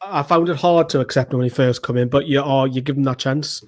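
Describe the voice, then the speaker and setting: A man, co-hosting a live football watchalong from home, chatting casually, swearing and erupting with excitement. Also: mid-range voice, quick pace. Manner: excitable, swears, shouts at goals. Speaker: fan channel co-host. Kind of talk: live match watchalong chat. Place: indoors at home with a computer.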